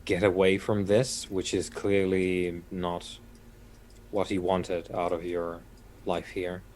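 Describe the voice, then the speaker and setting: Male player, deep and unhurried, formal in-character delivery. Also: little pitch movement, darkish tone, slight background noise. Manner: slow, formal, measured speech. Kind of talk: in-character tabletop role-play.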